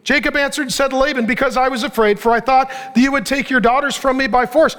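A middle-aged man preaching a sermon, animated and joking, acting out the people he reads about. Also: very high-pitched, quick pace. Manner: animated, joking, acts out the characters' lines; preaching to a laughing audience. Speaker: pastor.

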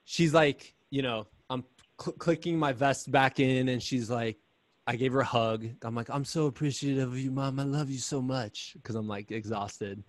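Man guest, chatty storyteller, dry close sound, mid pitch. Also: normal speed, dry recording. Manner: chatty, animated, lots of "like". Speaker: podcast guest, runner. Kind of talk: casual storytelling.

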